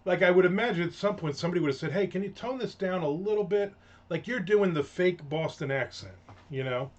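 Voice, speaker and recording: A middle-aged man with a fairly high, fairly bright voice hosts his own rant segment. He rambles casually and sarcastically, stumbling through fillers and restarts, and the recording sounds dull and lo-fi.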